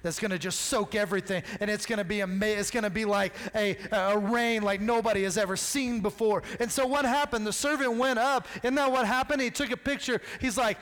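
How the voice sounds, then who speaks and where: A male pastor with a notably high voice delivers a sermon. He tells the story in an animated, casual way and slips into the characters' dialogue. His voice rings out with the long reverb of a large hall. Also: brisk, hardly any pauses.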